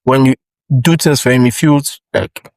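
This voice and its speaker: A man's voice: medium pitch, moderate pace, dry recording, low-quality recording. Nigerian man hosting, dry close sound. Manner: rambling, animated questions with frequent restarts. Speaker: podcast host. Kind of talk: casual interview chat.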